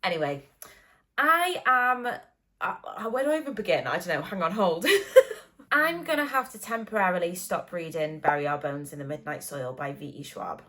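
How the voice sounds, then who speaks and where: A woman's voice: lowish voice, lively intonation, normal speed, sharp tone. Bubbly young British woman vlogging. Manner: bubbly and gushing, many likes and ums. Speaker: book vlogger. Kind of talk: casual chatty vlog. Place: at home.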